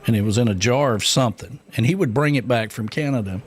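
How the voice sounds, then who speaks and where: A man's voice: mid-range voice, fast talker. A man, co-hosting a casual radio show and telling rambling stories full of fillers. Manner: rambling storyteller, many fillers and laughs. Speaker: radio co-host.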